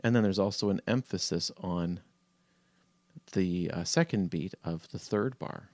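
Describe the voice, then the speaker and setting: A man teaching a music theory lesson over a shared screen, relaxed and halting with many fillers, counting beats aloud. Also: deep voice, no echo.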